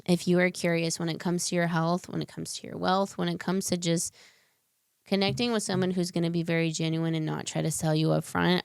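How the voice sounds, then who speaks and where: A woman's voice: fairly low pitch, gravelly, darkish tone, clear, resonant tone, no echo, clean studio sound. A young adult woman as a podcast guest, talking earnestly in long winding explanations with fillers. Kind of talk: casual interview conversation.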